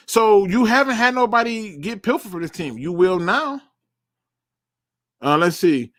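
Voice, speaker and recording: Blunt, emphatic man with a fairly high voice. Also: very animated, moderate pace, fairly bright tone, dry recording, studio quality. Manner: blunt and emphatic, with frequent cursing and repeated words for emphasis. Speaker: podcast host answering live chat. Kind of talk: casual live sports talk.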